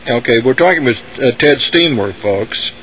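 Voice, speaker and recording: A man's voice: mid-range voice, animated, moderate pace, fairly bright tone, a little hiss or hum, low-quality recording. A man hosting a radio talk show, interviewing a guest in a hesitant way full of fillers and restarts.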